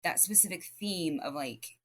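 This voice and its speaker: Low-voiced woman telling rambling stories. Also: unhurried. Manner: lively, rambling storytelling full of "like" and restarts. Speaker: podcast guest, academic. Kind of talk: casual podcast chat.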